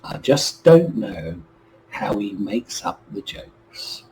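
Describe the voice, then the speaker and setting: A man's voice: lowish voice, very animated, slow, darkish tone, a little hiss or hum, rough recording. A man hosting an online song club, introducing songs and acts playfully. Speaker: host.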